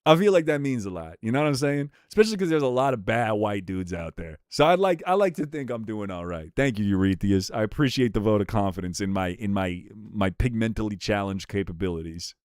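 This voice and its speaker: A man streams and chats with his viewers in a loose, joking way. He swears freely and slides into loud rants, and his pitch swings widely. The sound is dry and close, with no room echo. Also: lively intonation, a little fast, few pauses. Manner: rowdy, profane and jokey, ranting with pitch jumps. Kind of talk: casual chat reading viewer messages.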